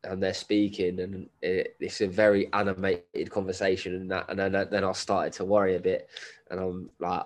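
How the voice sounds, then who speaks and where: A deep, low-pitched man, spinning a story casually for a podcast. He swears freely, drops laddish slang, and sounds like he is nursing a cold. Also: little pitch movement, moderate pace. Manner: swearing, laddish slang, laughs while telling. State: has a cold. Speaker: guest, endurance runner.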